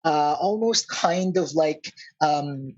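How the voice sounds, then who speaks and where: A man's voice: fairly high pitch, slow pace, lo-fi sound. A man narrating as game master of a tabletop game, hesitant and full of fillers. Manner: hesitant, many fillers and restarts.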